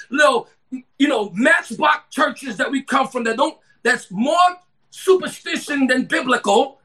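A pastor preaching a sermon to an online audience, with chatty asides to listeners that build into shouted, drawn-out scripture reading. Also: sits high, animated, husky.

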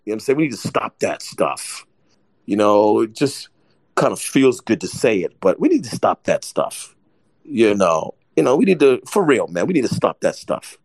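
A man's voice: lowish voice, sing-song, normal speed, darkish tone, dry recording, low-quality recording. A man preaching an informal sermon, emphatic and repetitive, often checking whether listeners are following. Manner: emphatic, repeats points, asks listeners if they follow. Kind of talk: conversational sermon teaching.

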